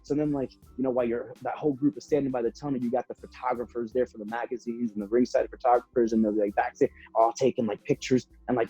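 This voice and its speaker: A young man, a professional wrestler telling stories in a casual interview, animated and full of fillers. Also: mid-range voice, quick pace, few pauses, husky, dry recording. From Puerto Rico. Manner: animated, acts out voices, many fillers. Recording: dull slightly lo-fi sound, faint music.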